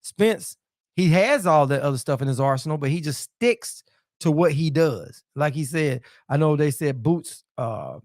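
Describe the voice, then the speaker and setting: A man's voice: on the high side, animated, a little slow, darkish tone, no room sound, studio quality. A man hosting a casual live-stream boxing chat, loose and repetitive, dropping "man" and "you know" into nearly every sentence. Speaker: boxing talk show host.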